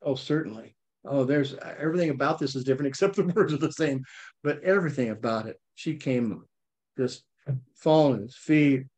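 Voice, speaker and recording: A man leading a casual Bible study, reading verses aloud and explaining them with lively, animated asides. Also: medium pitch, a little fast. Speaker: Bible teacher. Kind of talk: conversational Bible study teaching.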